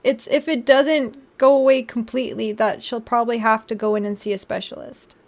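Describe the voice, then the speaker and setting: A woman's voice: a little high, fairly even intonation, brisk. A woman streamer chatting casually on a live stream, bubbly, often gasping and laughing as she thanks her viewers.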